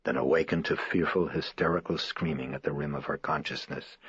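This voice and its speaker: A man narrating a horror audiobook in a measured, somber manner. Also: very deep voice, fairly even intonation, fairly bright tone, slightly rough, dry recording. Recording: dry, slightly dull lo-fi recording.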